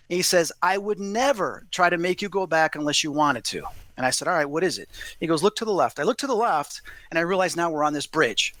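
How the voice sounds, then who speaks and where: Animated high-voiced man telling a story. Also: a little fast, no room sound. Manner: animated, acts out quoted dialogue. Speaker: podcast guest. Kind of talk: storytelling in a conversation.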